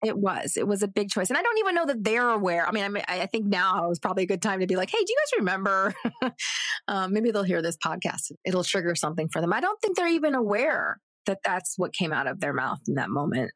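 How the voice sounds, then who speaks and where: Animated woman telling a story. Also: quick pace, no echo. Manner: animated, acts out quoted voices with big pitch jumps. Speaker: actress guest. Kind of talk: casual storytelling on a podcast.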